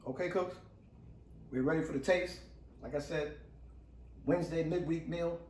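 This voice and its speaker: A middle-aged man talks his viewers through a recipe in a relaxed, joking way, calling them "cooks". His voice is mellow and unhurried in pitch, sitting at an ordinary level. The kitchen around him rings back a little, with a faint room hum underneath. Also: reverberant, distant mic, poor audio. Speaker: home cooking host. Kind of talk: casual cooking vlog. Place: home kitchen.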